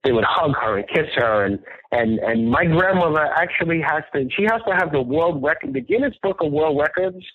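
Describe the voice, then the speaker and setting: A man's voice: fairly high pitch, lively intonation, fairly quick, few pauses, husky, dry recording. A man, a restaurant owner telling family stories earnestly and with animation as a radio interview guest. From New York, the Bronx. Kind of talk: casual interview storytelling. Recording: tinny phone-line radio call, dry.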